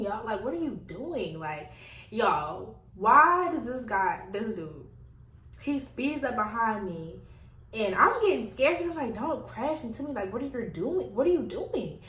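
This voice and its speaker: Young woman, casual storytime vlog, animated, laughing, roomy echo, slightly distant mic. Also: mid-range voice. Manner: animated, laughing often, addresses viewers as y'all. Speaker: vlogger.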